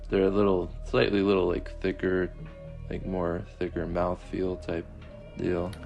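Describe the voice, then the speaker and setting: A man's voice: sits low, completely flat delivery, unhurried, gravelly, darkish tone, highs cut off, soft background music. A man co-hosting a casual podcast in a laid-back, hesitant way with lots of fillers. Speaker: podcast co-host.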